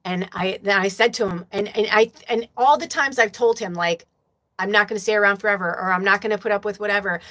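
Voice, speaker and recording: Woman medium on a livestream, swears a lot, gets teary telling stories, mid-pitched voice. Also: a bit bright. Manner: emotional, profane storytelling; reads viewer comments aloud. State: tearful at times. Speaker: spiritual medium, livestream host. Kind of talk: casual livestream chat.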